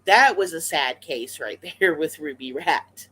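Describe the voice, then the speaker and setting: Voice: mid-range voice, expressive, measured pace, sharp tone, husky, poor audio. A pet rat vlogger telling a story casually to the camera, rambling with lots of fillers and restarts. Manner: chatty and conversational.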